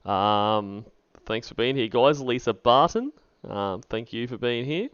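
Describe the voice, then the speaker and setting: A man hosting a livestream, laid-back, greeting viewers by name with many pauses. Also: mid-range voice, animated, fairly bright tone, clear, resonant tone, dry recording, lo-fi sound. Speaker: livestream host. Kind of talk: casual stream chat.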